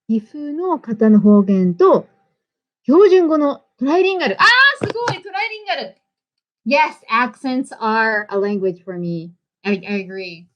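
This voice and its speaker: A woman's voice: a little high, fairly bright tone, rough recording. A young woman from the United States with an American accent, hosting a casual livestream and switching between English and Japanese in a bubbly way. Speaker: livestream host.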